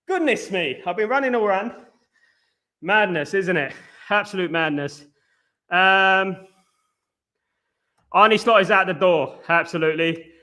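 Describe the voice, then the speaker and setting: Host type: man, out of breath, high bright voice, chatty, keeps saying "absolutely.". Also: expressive, unhurried, long pauses. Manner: chatty, repeats "absolutely" and "big up". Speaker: host of a football live stream. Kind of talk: casual live-stream chat reading viewer comments.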